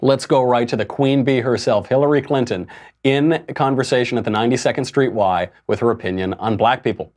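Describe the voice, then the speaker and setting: A man's voice: mid-range voice, a little fast, darkish tone. A man hosting a political commentary show, talking in a sarcastic, mocking way and laughing between his points. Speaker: host.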